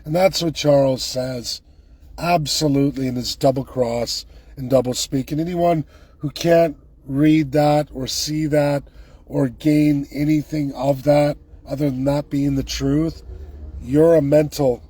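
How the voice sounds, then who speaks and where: A man's voice: a little high, steady tone, unhurried, mellow, husky, dry recording. A man delivering a heated, emphatic and sarcastic political rant, speaking straight to his viewers. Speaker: political commentator.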